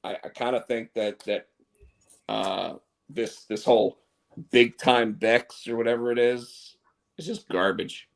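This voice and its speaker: A man's voice: mid-range voice, steady tone, a little slow, gravelly. A man co-hosting a casual wrestling chat show, rambling and opinionated with many restarts. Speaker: co-host.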